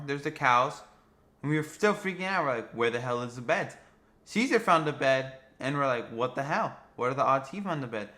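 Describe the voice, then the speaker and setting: A young man casually narrating gameplay footage, rambling and excitable, swearing freely. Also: mid-range voice. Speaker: gaming vlogger.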